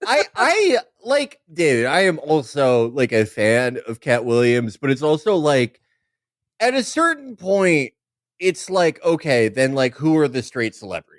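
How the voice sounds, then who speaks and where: Man, podcast co-host, very lively up-and-down pitch, fairly high voice, dry close mic. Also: unhurried, no echo. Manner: animated, laughing, slips into mocking impressions. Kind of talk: casual comedic podcast banter.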